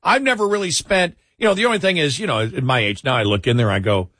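A man from New York co-hosting a talk radio show, arguing in an animated way and acting out mocking quotes. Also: a little high, fast talker, dry recording, clean studio sound. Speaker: radio co-host.

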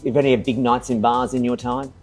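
Playful male interviewer, husky. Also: mid-range voice, level tone, quick pace, darkish tone, soft background music. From Australia. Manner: playful, teasing questions. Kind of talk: casual entertainment interview.

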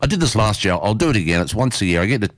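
A man's voice: fairly low pitch, very animated, rapid-fire, dry recording. A man with an Australian accent hosting a community radio interview in an enthusiastic, chatty way.

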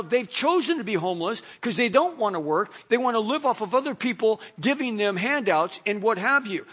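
A man's voice: sits high, fairly bright tone. A middle-aged man, a pastor, preaching a conversational sermon full of stories and fillers. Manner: conversational, storytelling, many fillers.

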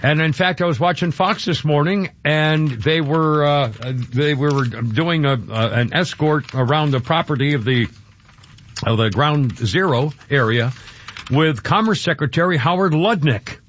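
A man's voice: fairly high pitch, a little slow, fairly bright tone, lo-fi sound, slight background noise. A man hosting a talk radio show, emotional and rambling, often choked up and restarting his sentences.

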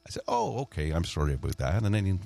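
A man's voice: low voice, lively intonation, fast, warm tone. A man hosting a morning radio show, chatty and joking, often laughing at himself. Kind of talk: casual radio chat.

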